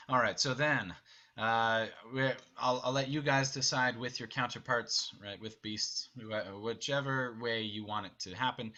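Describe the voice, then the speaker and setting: A man's voice: fairly low pitch, sharp tone. A man acting as theater director, walking a cast through stage blocking over a video call in an upbeat, instructive way. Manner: upbeat, instructive, briefly acts out lines. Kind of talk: online rehearsal blocking instructions.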